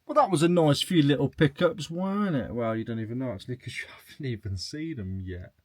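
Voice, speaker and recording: A man's voice: mid-range voice, a little fast, dry recording. A man chatting casually to camera as a reselling vlogger, joking as he goes through his sales. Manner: chatty and jokey, reading out sales.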